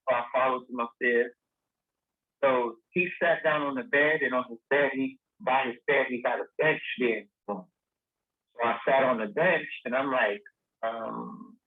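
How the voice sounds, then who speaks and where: Husky man telling a story over a tinny line. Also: mid-range voice. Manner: animated storyteller, acting out quoted dialogue. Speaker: guest. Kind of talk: storytelling in a casual interview. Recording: tinny phone-line sound.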